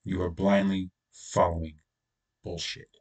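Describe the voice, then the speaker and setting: A man's voice: sits low, little pitch movement, unhurried, darkish tone, slightly rough, far from the mic. A man hosting his own channel, delivering an angry, profane solo rant with blunt, confrontational talk. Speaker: channel host.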